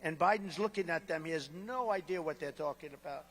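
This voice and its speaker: High-voiced man giving a rambling rally speech. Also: a little fast, few pauses, fairly bright tone, slight background noise. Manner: rambling, boastful, with sarcastic asides and repeated phrases. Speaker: political speaker at a rally. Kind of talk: campaign rally speech, riffing off-script. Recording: long reverb of a large venue.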